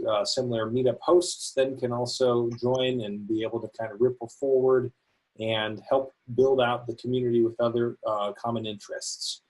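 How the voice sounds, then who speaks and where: Husky-voiced man presenting on a webinar. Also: medium pitch, darkish tone, poor audio. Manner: enthusiastic, with frequent uhs. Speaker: volunteer education coordinator.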